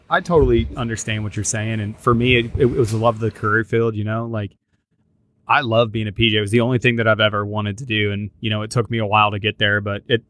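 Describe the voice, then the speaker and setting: A man's voice: on the low side, a bit bright, dry recording. A middle-aged man hosting a podcast, talking earnestly in casual chat with lots of restarts. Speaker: podcast host.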